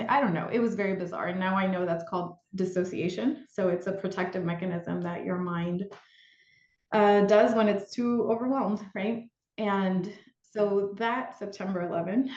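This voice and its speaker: A woman speaks candidly as a podcast guest, telling a personal story with fillers and restarts. Her voice sits at a middle pitch. The recording is roomy and a little dull and lo-fi.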